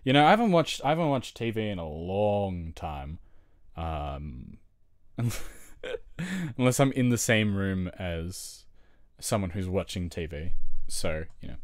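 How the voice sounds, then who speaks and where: A man's voice: low voice, animated, unhurried, no room sound, clean studio sound. A young Australian man chatting casually on a livestream while editing video, rambling with many fillers and frequent laughs.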